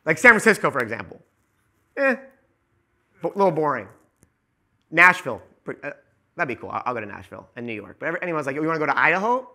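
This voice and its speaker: A man talking as a podcast guest in casual chat, ranting in an animated, profane way. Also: medium pitch, fast, long pauses.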